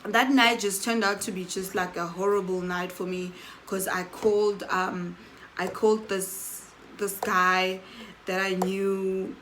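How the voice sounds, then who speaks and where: Animated woman telling a story. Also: medium pitch, a little slow, slight background noise, poor audio. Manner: animated, acts out quoted dialogue with "I'm like". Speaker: storytelling vlogger. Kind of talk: casual story time.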